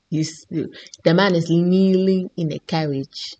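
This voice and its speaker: A woman's voice: on the low side, steady tone, unhurried, dark tone. Woman ranting back at her screen. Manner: talks back at the screen, teasing and exasperated. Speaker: reaction host. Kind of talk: casual reaction commentary.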